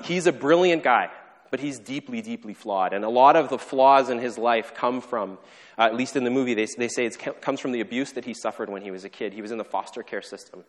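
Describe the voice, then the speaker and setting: A man preaching a sermon, telling a story earnestly and falling to a soft hush when he quotes the characters. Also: fairly low pitch. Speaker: pastor. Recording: long hall reverb.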